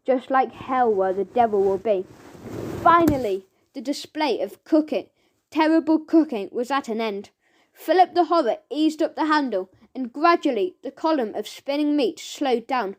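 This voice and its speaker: Woman, children's audiobook narrator, rather high voice, lively rhythmic delivery. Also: moderate pace. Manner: lively, rhythmic chanting of verses.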